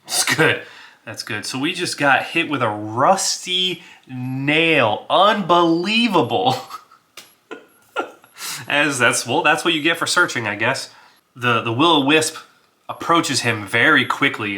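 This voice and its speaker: A man's voice: mid-range voice, pushed and bright. A man casually narrating his solo tabletop role-playing game, thinking aloud with filler words and small chuckles.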